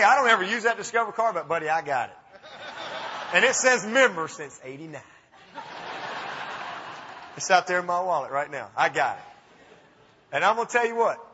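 A man in his fifties with an Alabama accent, telling folksy, animated stories to an audience. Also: high-pitched, a little hiss or hum. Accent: Southern US, Alabama. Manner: folksy, animated, self-mocking. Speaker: speaker. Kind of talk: storytelling talk to an audience. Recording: dull recording with long hall reverb.

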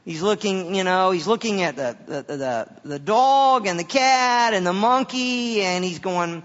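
Male pastor with a high voice, stumbling over repeats as he preaches, dull sound with a long hall echo. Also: lively intonation, fairly bright tone. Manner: halting, repeats words often. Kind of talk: sermon.

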